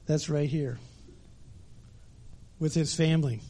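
A man's voice: fairly high pitch, a little slow, darkish tone. A middle-aged man giving a conversational sermon at church, telling stories with many fillers. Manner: conversational storytelling with frequent fillers. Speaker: preacher.

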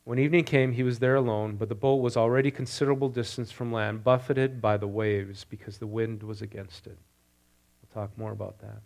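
Man, pastor, sermon, lively delivery, mid pitch, questions to the congregation. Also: brisk, gravelly. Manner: animated, rising loud on quoted lines, asks congregation questions. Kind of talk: sermon with scripture reading.

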